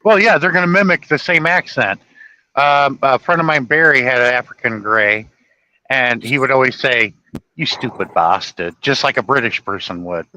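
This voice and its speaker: A man in casual chat, relaxed as he tells an anecdote and mimics a parrot. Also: mid-range voice, normal speed, a little hiss or hum, rough recording.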